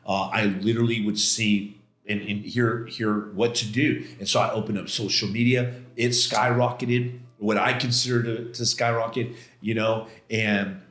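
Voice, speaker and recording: Animated storytelling man in a roomy studio. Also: lowish voice, normal speed. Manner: animated, acts out quoted voices, frequent "man". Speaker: podcast guest. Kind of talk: casual storytelling interview.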